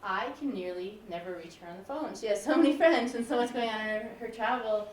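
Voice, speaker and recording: A woman's voice: medium pitch, fairly quick, a little hiss or hum. A woman in her forties, a music professor, giving a candid, personal public lecture. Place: lecture hall. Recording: roomy hall, mic from a distance.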